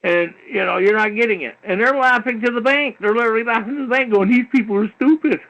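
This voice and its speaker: A man with a high, bright, forceful voice talks fast as host of a call-in show on a dull, lo-fi internet radio stream. He lectures heatedly and ramblingly, repeating himself and filling gaps with "you know" and the odd curse.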